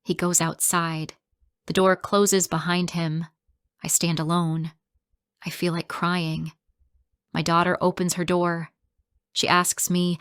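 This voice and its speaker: Slow, emotional woman reading a story. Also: on the low side, flat delivery, no room sound, clean studio sound. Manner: clear, slow and emotional, rising to shouting in quarrels. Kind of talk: first-person story reading for English learners.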